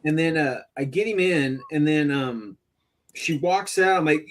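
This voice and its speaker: A man on a casual live stream tells a story with plenty of swearing. His voice sits somewhat high, and he throws himself into the angry lines he quotes. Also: a little slow. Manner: profane, animated, acts out angry quotes. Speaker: stream host.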